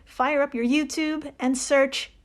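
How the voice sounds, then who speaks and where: Woman podcast host, playful and teasing, slightly high voice. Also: steady tone, slow pace. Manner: playful, teasing, with casual swearing. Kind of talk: casual podcast chat.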